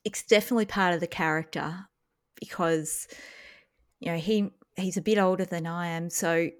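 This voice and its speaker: A woman co-hosting a podcast, chatting casually and animatedly about a TV episode. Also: fairly low pitch. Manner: chatty, animated, jumps in with quick reactions. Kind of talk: casual chat.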